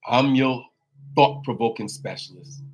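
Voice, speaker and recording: A man giving a folksy, preachy motivational talk as a life coach, husky-voiced and drawn out. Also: medium pitch, unhurried. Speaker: life coach and show host. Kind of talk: casual motivational monologue.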